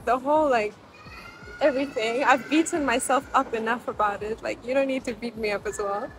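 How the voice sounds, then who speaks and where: Chatty high-voiced woman. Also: brisk, noisy background. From South Africa. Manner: chatty and emotional, many fillers like "like". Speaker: vlogger. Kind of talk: casual vlog chat to camera. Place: outdoors on a hot city street, then a restaurant.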